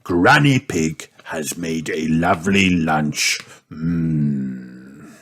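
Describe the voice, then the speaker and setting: A man's voice: extremely low pitch, drawn-out words, a bit bright, exaggerated voice. A man voicing a mild, hungry grown-up wolf in a storybook reading. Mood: contented.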